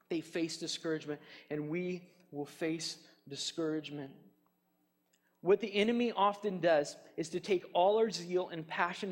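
A man's voice: sits high, in a large hall. A man preaching a sermon as pastor, chatty, with rhetorical questions and fillers like "you know". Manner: frequent fillers like "kind of a thing".

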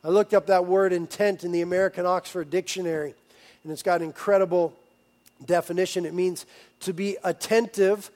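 A male pastor in his thirties delivers a sermon in a noticeably high voice. He talks emphatically, building to loud, urgent stresses and then pulling back to quiet, intimate asides. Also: steady tone, fairly quick. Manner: emphatic, swings between loud urging and hushed intimacy.

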